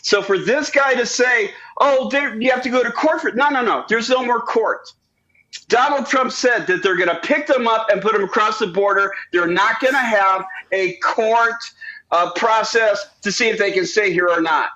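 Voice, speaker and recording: A man's voice: high voice, normal speed, sharp tone, muffled recording. A man calling in to a live show who argues insistently and often repeats himself. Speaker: caller. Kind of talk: heated political argument.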